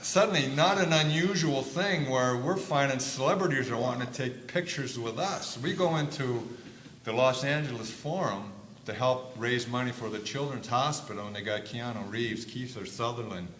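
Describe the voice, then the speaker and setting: An older man on a conference panel telling lively stories, acting out quotes loudly. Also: mid-range voice, moderate pace. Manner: animated storyteller, acts out quotes loudly. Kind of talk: storytelling on a panel. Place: conference stage. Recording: echoey room with faint noise.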